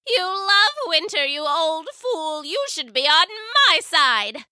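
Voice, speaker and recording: A woman voicing a spiteful female Winter Witch with a shrill, shrieking voice in a storybook. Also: expressive, takes it slowly, sharp tone, no echo, studio quality, full character voice.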